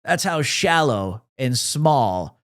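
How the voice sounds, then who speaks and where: A man's voice: mid-range voice, big pitch swings, slow pace, a bit bright. A man giving scripted political commentary in a mocking, combative manner.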